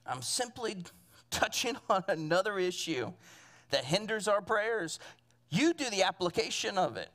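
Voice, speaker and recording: A man's voice: high-pitched, lively intonation, measured pace, a bit bright. A man preaching a sermon as pastor to his church congregation, earnest and at times building to emphatic fervor. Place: church sanctuary.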